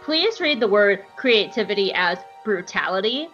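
A woman's voice: mid-range voice, expressive, moderate pace, highs cut off, faint music behind. Playful woman recapping an episode. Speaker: podcast host.

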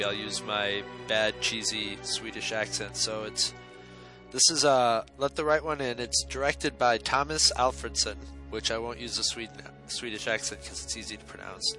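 A man's voice: on the low side, bright, forceful tone, low-quality recording. A man giving a casual, opinionated film review, blunt and sarcastic and swearing now and then. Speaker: movie reviewer.

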